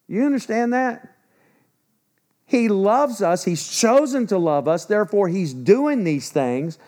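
Older male preacher in his sixties, fairly high voice, emphatic and urgent, drops low for warnings. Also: very animated, a little slow. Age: 60s. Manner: emphatic, swings between loud urgency and low grave warnings. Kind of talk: sermon.

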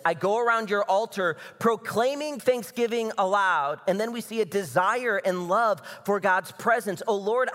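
A man from the American Midwest preaching a conversational sermon as pastor, building to emphatic, energetic passages. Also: high voice. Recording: long reverb of a large hall.

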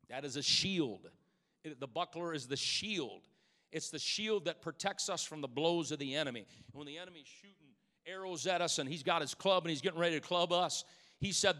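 A male pastor with a fairly high, bright, tense voice delivers an impassioned sermon. He swings from ringing exclamations to quiet asides and calls out to the people in the pews. A long church reverb trails every phrase. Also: fairly quick. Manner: impassioned preaching, swinging between loud exclamations and hushed asides; calls out to the congregation. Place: church sanctuary.

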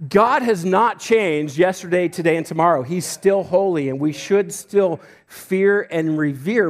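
A man's voice: high-pitched, measured pace, hardly any pauses. A middle-aged man from Idaho preaching a sermon as a pastor, conversational, with frequent restarts and self-deprecating jokes. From Idaho, United States.

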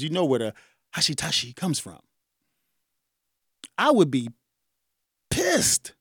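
A man in his forties hosting a radio talk show, speaking in a casual, animated way with frequent chuckles. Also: high-pitched, no room sound, clean studio sound. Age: 40s. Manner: animated, conversational, chuckles often. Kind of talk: solo talk radio monologue.

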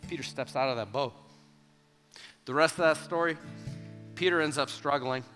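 Animated preaching man in a reverberant hall. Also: fairly high pitch, moderate pace. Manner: animated, emphatic, acting out quotes. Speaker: youth pastor. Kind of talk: sermon. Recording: long hall reverb with soft guitar.

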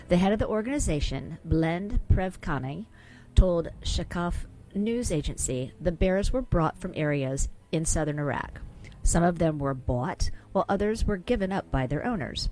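A woman with a fairly low voice reads pet news in a crisp way. As co-host she speaks frankly and gives her opinions on a studio mic. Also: darkish tone, rough recording. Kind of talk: news reading and casual radio chat.

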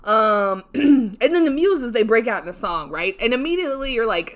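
Drunk solo podcast host, a woman, rambling and self-mocking, pitch all over the place. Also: big pitch swings, normal speed. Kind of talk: casual solo review chat. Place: home, seated.

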